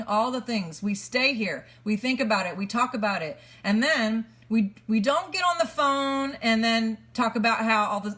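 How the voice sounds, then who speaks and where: Energetic woman coaching a self-help talk. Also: a little high, moderate pace, hardly any pauses. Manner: energetic, repetitive, explains points step by step. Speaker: motivational coach.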